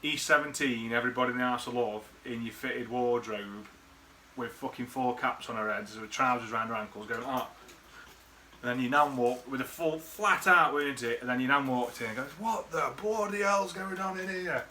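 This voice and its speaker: A man's voice: mid-range voice, steady tone, normal speed, bright, forceful tone, a little hiss or hum. A man recording a rambling, sweary birthday message full of memories for an old friend. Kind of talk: casual rambling reminiscence.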